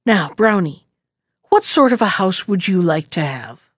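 A woman reads as a wise old mother pig in a storybook, frail and worn by age. She speaks slowly and earnestly, with a pleading softness, in a dry, close sound. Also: lowish voice, very animated, no room sound.

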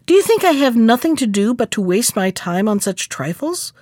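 A woman's voice: on the high side, sing-song, normal speed, darkish tone, dry recording, clean studio sound. A woman voicing a boastful, rude young male chick in a storybook reading, with a cocky, scornful manner.

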